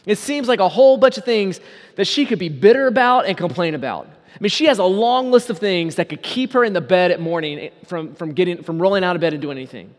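A man preaching a sermon as pastor, asking the congregation rhetorical questions and slowing down on key words. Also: high voice, animated, long reverb tail.

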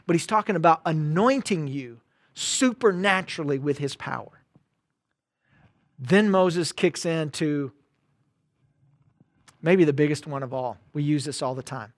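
A man preaching a conversational sermon, swinging between loud emphatic bursts and quiet asides. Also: fairly high pitch, expressive, normal speed, dry recording, studio quality. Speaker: pastor.

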